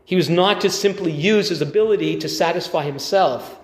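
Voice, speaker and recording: Male preacher, relaxed conversational sermon, restarts and wry asides, roomy echo. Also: a little high, moderate pace. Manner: conversational, thinking aloud with restarts and dry asides. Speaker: pastor. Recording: echoey church hall reverb.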